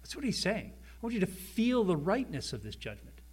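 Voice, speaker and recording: A man's voice: sits high, sing-song, normal speed, darkish tone, slightly rough. A man preaching a sermon in a conversational way, asking the listeners questions and acting out quoted speakers. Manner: conversational, asks the audience rhetorical questions; acts out quoted voices in dialogue.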